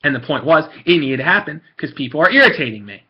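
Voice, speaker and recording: A man's voice: a little high, big pitch swings, fast talker, breathy edge, muffled recording. A man ranting angrily and bluntly to camera in a vlog, repeating himself and swearing. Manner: angry, blunt, repetitive, swearing. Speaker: card-collecting vlogger.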